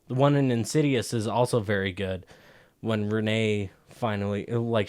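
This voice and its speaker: Low-voiced man explaining film technique. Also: no echo. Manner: explains film technique at length, halting with fillers. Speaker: podcast co-host. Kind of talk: casual movie discussion podcast.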